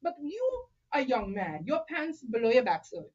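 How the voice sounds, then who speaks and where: A woman's voice: on the high side, normal speed, slightly rough. Emphatic bilingual woman, lo-fi sound. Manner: animated, switching between English and French mid-sentence; emphatic, opinionated. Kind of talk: casual chat.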